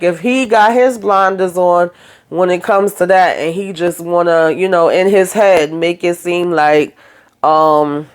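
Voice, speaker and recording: A woman's voice: on the low side, a little mellow, clean tone. A woman hosting a reality TV recap, talking in a casual, blunt and sassy way and speaking straight to the cast members.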